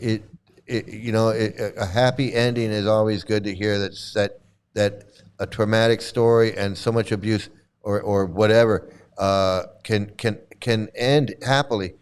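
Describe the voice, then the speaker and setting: Blunt, sarcastic man with a smooth voice. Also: on the low side, fairly even intonation, measured pace. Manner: blunt, sarcastic, swears, repeats and restarts phrases. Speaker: host reacting to videos. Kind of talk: casual reaction commentary.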